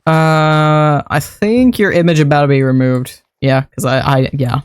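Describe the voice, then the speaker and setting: A young adult streamer talks through a building session in a loose, rambling way, laughing often and swearing casually. The voice sits at a middling pitch. It is recorded close on a desk mic with a dry sound and no room echo. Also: fairly even intonation, unhurried, clean tone. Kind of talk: casual livestream chat while building in a game.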